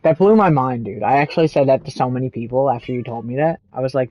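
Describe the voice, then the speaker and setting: A man's voice: medium pitch, fast talker, hardly any pauses, no echo, lo-fi sound. A man with a Canadian accent, chatting in a rambling, casual way while streaming a game and laughing often. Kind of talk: casual chat while gaming.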